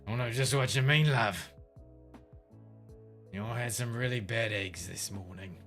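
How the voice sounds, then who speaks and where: A man's voice: medium pitch, a little slow, fairly bright tone, soft background music. A man doing an impression of a swaggering, drunken pirate captain with a slurred, theatrical drawl.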